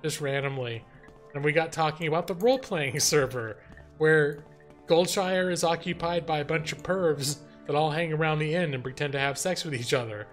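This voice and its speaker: A young man hosts a live game stream in a lively, joking way, reacting to his chat. His voice sits somewhat high, with faint game music underneath. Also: normal speed. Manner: animated, laughing, reads chat and jokes aloud.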